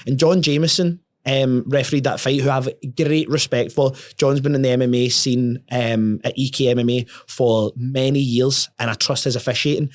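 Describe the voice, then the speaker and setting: A young man speaking as a podcast guest, with a mid-pitched voice. He tells his story in a casual, animated way. He swears often and stumbles over repeated words. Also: normal speed, hardly any pauses.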